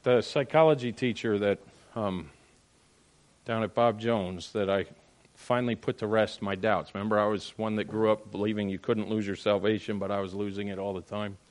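A middle-aged man preaching a sermon as pastor, animated and emphatic, firing rhetorical questions at the congregation. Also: lowish voice, moderate pace. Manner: animated preaching, rising to loud emphatic peaks.

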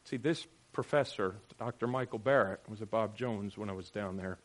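A man preaching a sermon as pastor, swinging from loud emphatic lines to quiet, joking asides with his congregation. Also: lowish voice, moderate pace.

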